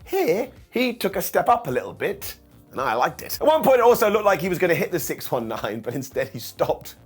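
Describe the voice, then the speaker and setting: A man's voice: high voice, very animated, brisk, slightly rough, soft background music. A man reviewing a wrestling show in a casual, sarcastic recap, acting out quotes in funny voices.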